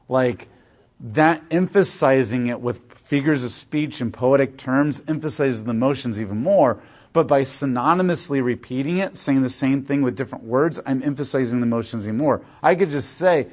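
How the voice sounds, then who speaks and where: A man's voice: mid-range voice, normal speed, darkish tone. A man teaching a class in a casual, explanatory way, with frequent fillers. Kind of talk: classroom lecture.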